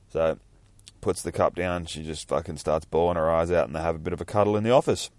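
A man's voice: sits low, steady tone, fast, darkish tone, dry recording. A man casually reading a comic aloud, narrating panels in a chatty, profane way. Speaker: comic reader.

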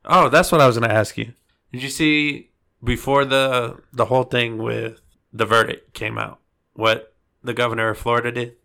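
A man with a gravelly, rough-edged voice that still has a sharp, bright ring to it. He co-hosts a casual podcast, rambling through his opinions in a blunt, plain-spoken way. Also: medium pitch, steady tone, moderate pace. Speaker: podcast co-host. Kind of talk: casual chat.

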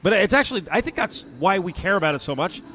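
A man's voice: high-pitched, animated, fast, sharp tone, soft background music. A man co-hosting a sports radio show, bantering casually with a sarcastic, joking edge.

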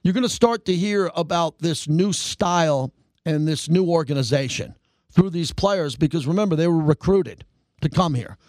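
A middle-aged man hosts a call-in sports radio show with a high voice that leaps even higher when he gets fired up. He rants at his listeners from a dry, close studio microphone. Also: normal speed, dry recording. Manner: animated, ranting, pitch shooting up when worked up.

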